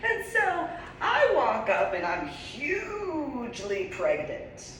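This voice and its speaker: A woman in her forties from New Jersey telling a story casually, animated and laughing often, in an echoey room far from the mic. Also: sits high, slow pace, slight background noise. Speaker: vlogger.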